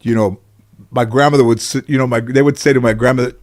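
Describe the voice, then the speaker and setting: A man's voice: medium pitch, quick pace. Middle-aged man telling comic stories. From Los Angeles area. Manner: animated, acts out quotes, swears freely. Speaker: talk show host. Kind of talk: comic storytelling.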